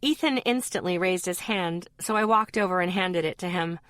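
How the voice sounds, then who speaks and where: A woman with a lowish voice narrates a novel in the first person, even and steady. The sound is dry and close, with no room echo. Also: moderate pace. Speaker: audiobook narrator.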